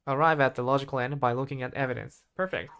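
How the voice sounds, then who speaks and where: Halting man thinking aloud while studying. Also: mid-range voice, fairly even intonation, fairly bright tone, a little hiss or hum. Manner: hesitant, halting, constantly restarting and self-correcting. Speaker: English learner. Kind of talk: self-study vocabulary practice, thinking aloud.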